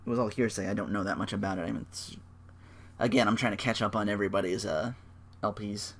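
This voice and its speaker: A man's voice: lowish voice, fairly even intonation, fast, a bit bright. A young man hosting a solo podcast, rambling casually with lots of fillers and swearing. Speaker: podcast host.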